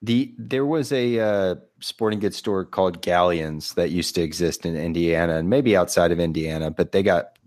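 A man's voice: sits low, moderate pace, few pauses, a little mellow. A man co-hosting a podcast in casual banter, often hesitant and trailing off. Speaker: podcast co-host.

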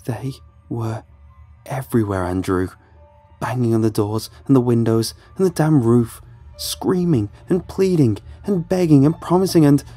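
A man's voice: mid-range voice, expressive, moderate pace, long pauses, dark tone, breathy edge, dry recording, soft background music. A man voicing a frightened young man who is trapped in a storm, his voice hollow and slipping into manic rambling. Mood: frantic.

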